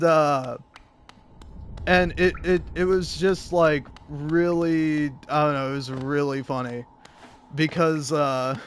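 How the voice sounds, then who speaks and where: Young male streamer with a somewhat high voice, chatting in a loose, profane, laughing way. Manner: rambling, profane, laughs often. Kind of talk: casual storytelling while gaming.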